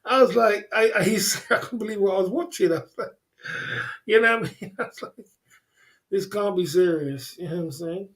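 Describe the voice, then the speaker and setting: Laughing, rambling livestream host. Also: male voice, high voice, quick pace, fairly bright tone. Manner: rambling, laughs often, slangy. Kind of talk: casual livestream chat.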